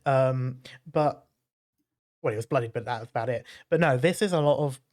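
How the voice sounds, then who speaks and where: Acting as dungeon master for a tabletop game, a man with a mid-pitched voice narrates descriptively at a relaxed, unhurried pace. His narration is sprinkled with small pauses and plenty of fillers.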